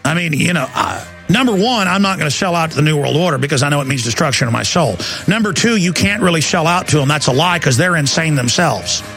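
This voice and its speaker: Ranting intensely, a Texan radio host in his forties tells rambling, emphatic stories on his political talk show. He speaks fast with few pauses in an expressive, fairly bright voice on the high side, over faint music in a dry studio.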